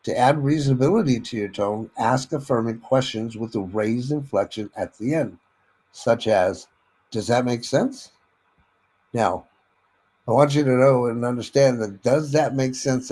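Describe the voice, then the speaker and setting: A man's voice: mid-range voice, darkish tone, low-quality recording. A man leading a sales training lecture, speaking directly to listeners, checking in with them and demonstrating vocal inflections as he teaches. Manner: instructive, addresses listeners directly with frequent "okay?".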